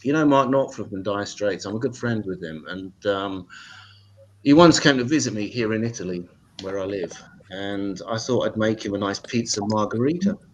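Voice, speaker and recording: A man hosting an open mic night and doing a stand-up set at home, with deadpan, sweary, mock-serious asides. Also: on the low side, normal speed, a little hiss or hum. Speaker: open mic host and comedian. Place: home in Italy.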